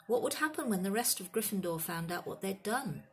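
A woman narrating a children's fantasy book in a steady, expressive reading voice. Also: medium pitch, fairly quick. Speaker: audiobook reader. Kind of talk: storybook narration.

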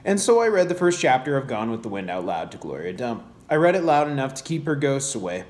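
Expressive man reading a children's book. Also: medium pitch, fast talker. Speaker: reader. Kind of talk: reading a children's novel aloud.

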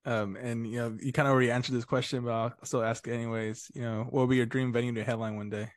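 A man co-hosts a casual interview, asking questions in an easygoing, agreeable tone. His voice is of middle pitch and the sound is dry and close. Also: level tone, fast talker, no room sound. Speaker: co-host.

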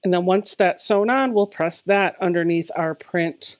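A quilting instructor gives a step-by-step tutorial, explaining each step plainly in a friendly, encouraging way. Her voice is on the low side and unhurried, and the recording is very noisy.

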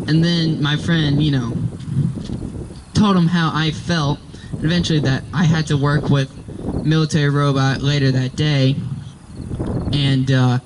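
A man's voice: fairly high pitch, flat delivery, unhurried, long pauses, background noise. Exasperated young man ranting. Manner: exasperated, rambling storytelling with fillers. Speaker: vlogger. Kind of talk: casual ranting vlog.

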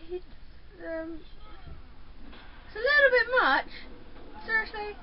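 Woman, let's play commentary, excitable chatter, lively swooping pitch, faint hiss behind. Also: takes it slowly, long pauses, dull audio. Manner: excitable chatter with yelps and taunts. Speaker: gamer playing a fighting game.

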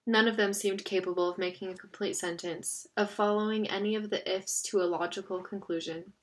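A woman narrating a novel aloud in an expressive, steady reading style. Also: mid-range voice, brisk. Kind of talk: audiobook reading.

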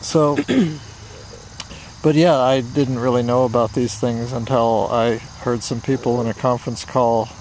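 A man's voice: mid-range voice, steady tone, slow pace, darkish tone, slight background noise, rough recording. A man co-hosting a casual podcast chat, joking in a dry, wry way. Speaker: podcast co-host. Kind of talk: casual conversation.

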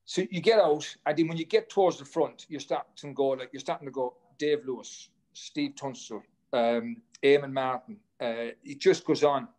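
A man's voice: medium pitch, moderate pace, few pauses, a little mellow. Man telling rambling anecdotes. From Ireland. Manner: rambling, anecdotal, swears casually, frequent restarts. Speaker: guest, former runner. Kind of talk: casual storytelling chat.

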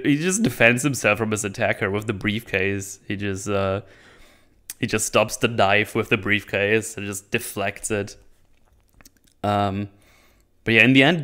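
A man's voice: on the low side, a bit bright. Chatty man recapping a film. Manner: rambling, laughing, acting out characters' lines. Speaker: channel host reviewing a movie. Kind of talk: casual movie recap and commentary.

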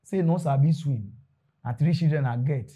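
Nigerian pidgin guy doing a preachy commentary rant, slightly high voice. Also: moderate pace, breathy edge. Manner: animated, preachy ranting. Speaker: commentary host. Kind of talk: casual commentary.

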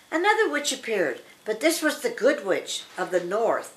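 An older woman reading a children's picture book aloud, slow and expressive. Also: medium pitch, a little hiss or hum. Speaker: storybook reader.

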